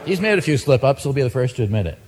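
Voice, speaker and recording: A man's voice: mid-range voice, big pitch swings, very fast, darkish tone, slight background noise. A man doing a stand-up monologue of joke news headlines, dry and self-mocking between the punchlines. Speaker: comedian.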